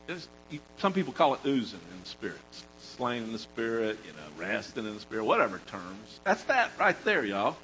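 A man preaching a sermon, talking to the congregation in an animated, conversational way that swings from loud emphasis to quiet storytelling. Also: on the low side, a little fast, hardly any pauses, a little hiss or hum, low-quality recording.

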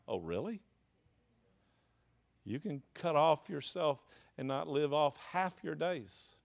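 A man's voice: fairly high pitch, moderate pace. A man preaching a sermon, tossing questions to the congregation and answering them. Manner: call-and-response preaching, asks the congregation questions. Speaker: pastor.

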